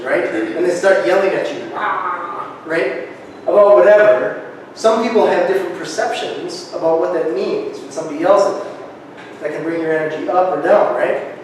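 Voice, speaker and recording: High-voiced man presenting in echoey hall. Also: normal speed, slight background noise. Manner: energetic, keeps asking "right?". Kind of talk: motivational workshop talk. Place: large echoey room. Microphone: camera far from speaker. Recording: echoey hall, distant camera.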